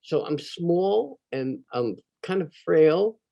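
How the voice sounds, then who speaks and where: A man's voice: a little high, slow, gravelly, highs cut off. Older man telling a childhood story. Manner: animated, conversational, acts out quoted voices. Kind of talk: personal storytelling.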